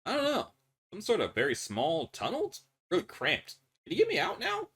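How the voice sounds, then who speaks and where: A terrified young prisoner stuck underground, as a man voices him, his pitch jumping up and down as he stammers and pleads to be pulled free. The voice sits well above the reader's own and gets loud and frantic. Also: wildly swooping pitch, moderate pace, husky, heavily acted. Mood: scared. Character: panicked trapped male prisoner, young adult.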